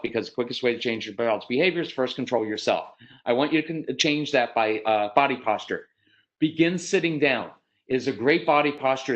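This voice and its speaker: American man, middle-aged, parenting workshop speaker; direct, matter-of-fact, animated with acted voices. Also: medium pitch, dull audio. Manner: animated, acts out parents and kids in quick voices. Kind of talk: live parenting workshop talk.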